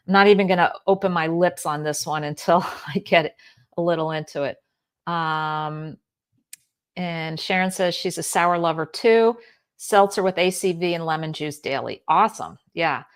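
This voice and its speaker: A middle-aged woman hosting a live-stream Q&A, reading viewer comments aloud and answering in a chatty way with many fillers and restarts. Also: fairly low pitch. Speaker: health channel host.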